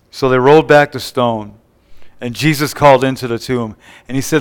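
Smooth-voiced male preacher telling scripture stories. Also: medium pitch, steady tone, normal speed. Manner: retells scripture scenes with call-and-response asides. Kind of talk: sermon.

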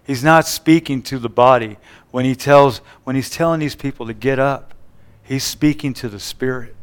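A man preaches a sermon, retelling scenes from scripture with quoted dialogue and frequent call-and-response asides. His voice is medium in pitch, clear, and resonant, delivered at a normal speed.

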